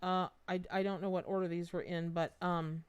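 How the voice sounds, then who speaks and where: Smooth-voiced chatty woman tarot reader. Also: lowish voice, little pitch movement, normal speed. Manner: chatty, repeats words for emphasis, talks to viewers directly. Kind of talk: live-stream tarot reading.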